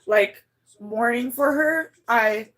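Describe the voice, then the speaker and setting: A woman's voice: slow pace, fairly bright tone. A woman livestreaming to her chat, telling a personal story in a rambling, blunt way, swearing freely and often restarting her sentences. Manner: emotional, voice climbs high when moved.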